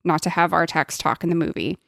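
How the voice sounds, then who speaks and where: A woman co-hosts a casual chat, expressive and enthusiastic, swearing freely. Her voice has a gravelly fry, and the recording is dry and close. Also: fairly low pitch, a little fast, no echo.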